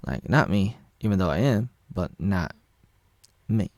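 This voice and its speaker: A man's voice: deep voice, lively intonation, unhurried, darkish tone, no room sound, clean studio sound. A man in his thirties from Oregon, USA, rambling through a casual monologue and correcting himself as he reads his own posts aloud. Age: 30s. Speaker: vlogger.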